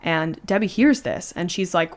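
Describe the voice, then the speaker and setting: A woman's voice: on the low side, normal speed. A woman hosting a podcast, casually retelling a true story with lots of conversational fillers. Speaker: podcast host.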